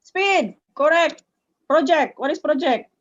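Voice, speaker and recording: A woman's voice: sits high, animated, a little slow. A woman from Malaysia with a Malaysian English accent, a public speaking coach giving an online workshop talk in a playful, teasing way, swinging her voice up and down to demonstrate. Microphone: video call. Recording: dull, lo-fi video call audio.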